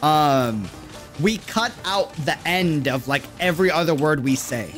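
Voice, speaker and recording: A young man from New York City with a New York accent, chatting casually while streaming a game live and reacting loudly to the action. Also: fairly high pitch, expressive, a little slow, faint music behind. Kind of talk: live gaming stream chat.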